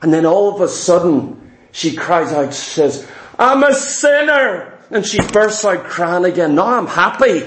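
A man preaching a sermon, telling a story in an animated, repetitive way with dramatic slowdowns. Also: high voice, reverberant, slight background noise.

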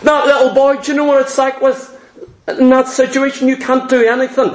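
A man's voice: extremely high pitch, flat delivery, a little fast. A man preaching an impassioned sermon, firing rhetorical questions and repeating his phrases for emphasis. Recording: echoey room.

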